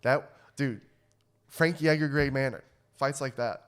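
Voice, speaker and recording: Smooth-voiced man ranting, swearing freely. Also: medium pitch, a little slow. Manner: profane, fired-up ranting. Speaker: podcast co-host. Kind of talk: casual chat.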